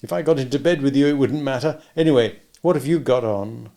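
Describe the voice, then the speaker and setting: A man's voice: mid-range voice, fairly quick, dark tone, pitched above the performer's own voice, natural voice. A man reading a cool sarcastic spy, Bond. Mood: bantering. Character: confident, sarcastic British male spy.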